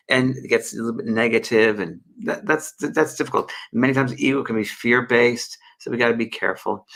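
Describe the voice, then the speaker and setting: A man hosting a live spiritual show as a medium, gently answering viewer questions with many fillers and restarts. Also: mid-range voice, gravelly. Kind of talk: live online Q&A and guidance.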